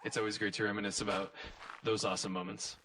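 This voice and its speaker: A man's voice: lowish voice, level tone, quick pace, sharp tone, far from the mic, a little hiss or hum. A synthetic male voice acting as an AI chat assistant, talking in an upbeat, agreeable and eager-to-help way. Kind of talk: conversational chat answers.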